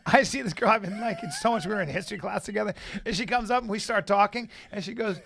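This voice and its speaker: High-ish gravelly guy telling dumb stories, keeps cracking up. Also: quick pace. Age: adult. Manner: laughs through his own stories, crude and animated. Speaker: podcast co-host. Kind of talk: casual chat.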